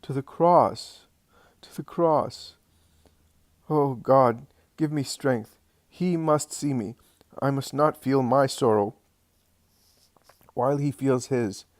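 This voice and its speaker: A man voicing a grieving middle-aged mother who speaks softly and haltingly, gentle and steadfast. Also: mid-range voice, no echo, studio quality, pitched above the performer's own voice, close to an everyday voice. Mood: anguished. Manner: soft, hushed, halting between short sentences.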